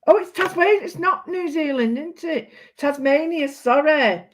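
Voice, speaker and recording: A woman's voice: high-pitched, moderate pace. A British woman chatting casually and rambling while she colours, often correcting herself. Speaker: art vlogger. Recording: dull lo-fi sound.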